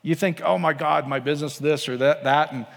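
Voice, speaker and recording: A man's voice: fairly high pitch, steady tone, a little fast, creaky. Conversational preacher man in a reverberant hall. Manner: conversational, asks the congregation frequent questions. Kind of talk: sermon.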